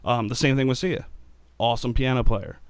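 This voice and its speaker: A man's voice: medium pitch, steady tone, brisk, smooth, no echo. A man hosting a casual live stream, talking in a loose, rambling way. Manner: rambling, many fillers and restarts. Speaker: stream host.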